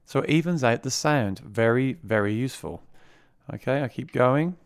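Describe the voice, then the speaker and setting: A man walks through a piece of music gear in a chatty demo, often repeating a word as he restarts a thought. His voice sits at a middling pitch and runs through a vocal mic plugged into the device itself. The sound is dry and close, with no room around it. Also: animated, normal speed, clean tone, no room sound. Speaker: gear reviewer. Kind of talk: casual product demo. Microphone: vocal mic routed through the mixer being reviewed.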